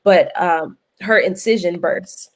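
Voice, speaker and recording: A woman guest host in casual panel talk, an animated storyteller with a folksy lilt. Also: lowish voice, takes it slowly. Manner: animated storyteller, laughs often, folksy phrasing.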